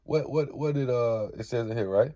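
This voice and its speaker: A Bible teacher reads scripture aloud in a relaxed lesson, following most points with "right?" His mid-range voice is warm and moderately paced, and the dry recording has its highs cut off.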